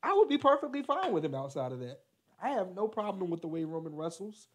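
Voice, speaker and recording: Young male podcast co-host, chatty and rambling, quick to laugh, fairly high voice. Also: big pitch swings. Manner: laughs often, rambling with many fillers. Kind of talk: casual wrestling chat.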